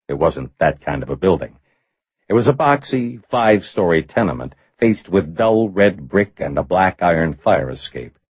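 A man narrating an audiobook thriller in measured, expressive storytelling. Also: deep voice, slightly rough, no echo, lo-fi sound. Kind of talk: scripted narration.

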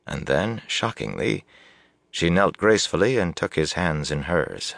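Super deep guy reading a fantasy book aloud, gravelly, dry close sound. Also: animated, unhurried, a bit bright, no echo. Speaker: audiobook narrator. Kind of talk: scripted narration.

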